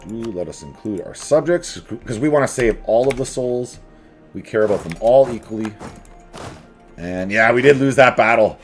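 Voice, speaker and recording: A man talks through his strategy game in a relaxed, joking way, his pitch bouncing up and down as he reacts. He speaks straight into a desk mic with soft game music underneath. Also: normal speed. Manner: playful, jokey, talks to the game units. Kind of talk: casual gameplay commentary. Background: faint game music.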